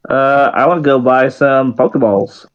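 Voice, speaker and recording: A man's voice: medium pitch, steady tone, moderate pace. A man taking part as a player in a tabletop game, dry and joking, on muffled audio.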